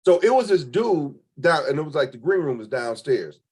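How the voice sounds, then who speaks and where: Animated husky man telling stories. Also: fairly high pitch, normal speed. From Cleveland, Ohio. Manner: animated storyteller acting out quoted voices, colloquial. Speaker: guest, spoken word poet. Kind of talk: storytelling in casual interview.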